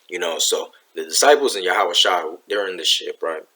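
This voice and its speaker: A man with a fairly low voice giving a laid-back Bible lesson. He talks in easy slang and keeps checking in with "right?". When he reads scripture he sinks lower and slower. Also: expressive, pushed and bright. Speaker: Bible teacher. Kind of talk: casual Bible teaching.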